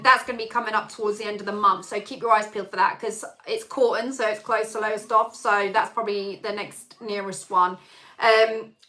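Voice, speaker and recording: A woman chats on a live stream, telling a long, rambling story full of fillers. Her voice sits a little high and sounds strikingly bright and sharp. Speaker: singer hosting a live chat stream. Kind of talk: casual live-stream chat.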